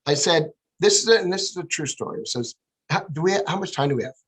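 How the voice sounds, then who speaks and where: Husky man telling a story animatedly. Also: on the high side, quick pace, poor audio. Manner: animated, acts out quoted dialogue. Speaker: guest. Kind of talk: storytelling interview.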